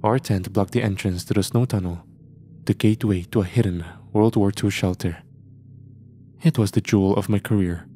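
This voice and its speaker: A man narrating a horror story in a measured, steady way. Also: lowish voice, a little hiss or hum.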